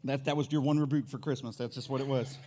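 A man's voice: mid-range voice, steady tone, quick pace, mellow. Emphatic preaching pastor, a man. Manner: preachy, emphatic, repeats key phrases. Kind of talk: sermon. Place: church.

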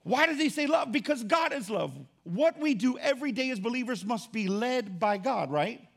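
A man preaching a sermon as pastor, emphatic and repetitive in cadence, swinging between loud and quiet. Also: extremely high pitch, expressive, moderate pace, vocal fry. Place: church.

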